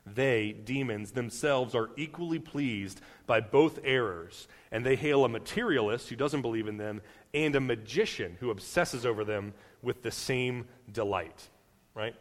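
A man's voice: mid-range voice, measured pace. A young man preaching a casual sermon, talking loosely with fillers and restarts and acting out quotes. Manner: conversational, many fillers and restarts, acts out quotes. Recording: long reverb of a large hall.

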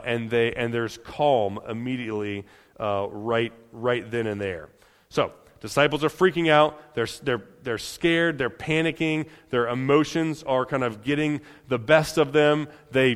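A man preaching a sermon in a conversational way, often restarting and adding quick "right?" asides. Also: medium pitch, in a large hall. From United States. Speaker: pastor.

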